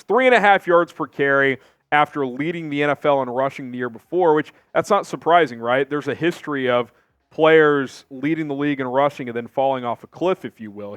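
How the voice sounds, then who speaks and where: A man hosting an opinionated sports talk show, talking emphatically with big swings in pitch and volume. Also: a bit bright, smooth, no room sound, clean studio sound.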